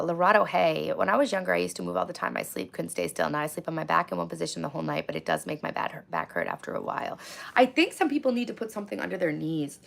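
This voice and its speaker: Hoarse, gravelly woman live-streaming. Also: on the low side, a bit bright. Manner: blunt, profane, ranting storyteller. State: hoarse, lost voice from screaming. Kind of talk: casual live-stream chat. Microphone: phone.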